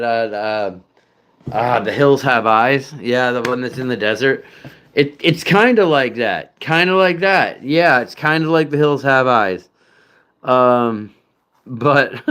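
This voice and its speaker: A man's voice: mid-range voice, fairly bright tone, clear, resonant tone. A man chatting casually with viewers, rambling and profane, with frequent fillers, restarts and laughs. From United States. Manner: rambling, profane, self-deprecating, many fillers.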